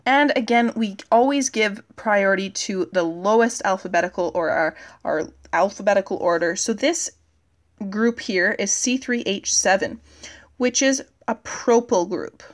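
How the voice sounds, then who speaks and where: Woman chemistry teacher, talking while she writes, filler words, relaxed lesson pace. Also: medium pitch. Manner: talks while writing on the board, filling pauses with "okay" and "uh". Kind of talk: recorded video lesson.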